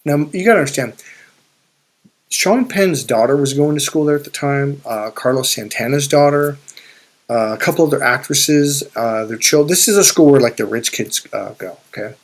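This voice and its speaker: A man's voice: mid-range voice, normal speed. A man coaching viewers through a casual, rambling story, swearing freely and restarting his sentences often. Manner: profane, rambling, with frequent restarts. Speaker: spiritual and life coach.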